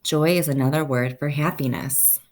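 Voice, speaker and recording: A woman teaching a first-grade phonics lesson, slowly stretching out each sound so children can say the words with her. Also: deep voice, a little mellow.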